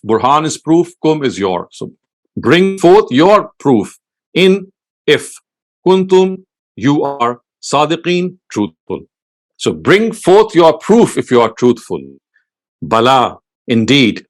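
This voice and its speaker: Man, lecturer, word-by-word scripture translation, slow and deliberate, mid-pitched voice, quick chanted Arabic recitation.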